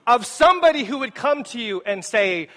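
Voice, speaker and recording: Male pastor, higher voice, energetic sermon delivery in a church. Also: moderate pace. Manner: animated, rising emphasis, asks the congregation questions. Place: church sanctuary.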